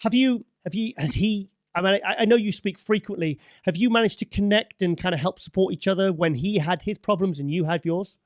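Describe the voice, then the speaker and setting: A man's voice: sits high, brisk, hardly any pauses, dry recording, clean studio sound. A man hosting an interview, supportive and murmuring short acknowledgements while his guest talks. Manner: supportive, lots of murmured backchannel. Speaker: host.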